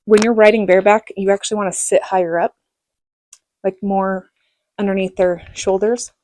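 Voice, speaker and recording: A middle-aged woman telling a personal story in a casual vlog, animated and laughing, acting out what others said. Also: mid-range voice, normal speed, a little hiss or hum. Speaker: vlogger.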